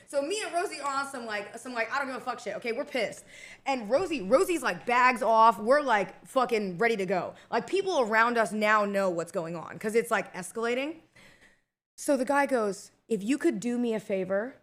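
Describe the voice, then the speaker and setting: Young woman streamer, slightly high pitch, casual heated storytelling to chat with lots of swearing. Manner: heated, swearing, animated retelling.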